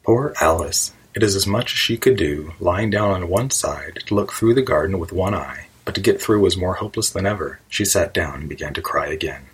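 A man narrating a storybook in a measured, even reading voice. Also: sits low, breathy edge, rough recording. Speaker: audiobook narrator.

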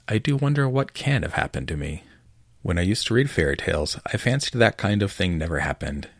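A man's voice: sits low, no echo, clean studio sound, exaggerated voice. A man voicing a curious, talkative little girl who muses aloud to herself, in a storybook reading. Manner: musing to herself.

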